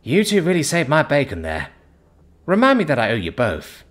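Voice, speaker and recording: A man's voice: medium pitch, big pitch swings, normal speed, a bit bright. A man voicing a shaken young human man who talks with a strained, shaky voice. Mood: anxious.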